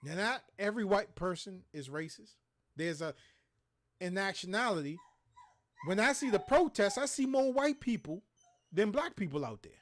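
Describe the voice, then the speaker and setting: A man's voice: high-pitched, expressive, moderate pace, a bit bright. A man hosting a livestream, ranting in a heated, profane, preachy way. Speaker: show host. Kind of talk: impassioned livestream rant.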